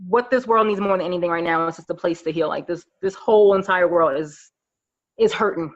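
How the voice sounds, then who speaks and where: A woman in her thirties from New York, a podcast guest telling stories in a lively, casual way and acting out her friends' voices. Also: lowish voice, fairly quick, lo-fi sound. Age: 30s. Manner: animated storyteller, acts out friends' voices. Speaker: podcast guest, makeup artist.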